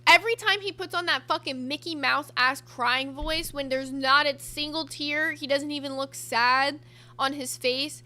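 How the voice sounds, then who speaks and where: Bright high-voiced blunt woman. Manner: blunt, emphatic, swears freely. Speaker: co-host. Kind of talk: casual reaction commentary.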